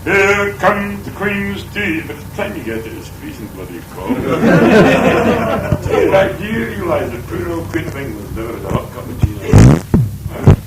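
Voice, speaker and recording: A man's voice: a little high, very animated, moderate pace, background noise. A Scottish man singing folk songs and telling rambling jokes in a live folk club set, recorded from a distance. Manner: rambling, joking storyteller. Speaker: folk singer. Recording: roomy live tape from far off, guitar.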